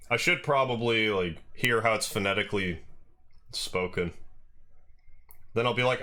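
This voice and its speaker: A man with a Canadian accent chatting casually with viewers on a game livestream, relaxed and rambling. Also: lowish voice, measured pace, long pauses. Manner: relaxed, rambling, self-deprecating. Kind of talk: casual chat with viewers while gaming.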